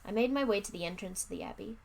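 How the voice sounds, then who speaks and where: A woman's voice: mid-range voice, quick pace, vocal fry, a little mellow. A woman doing a live read-aloud of a children's horror book, with casual asides and plain narration. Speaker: livestream book reader.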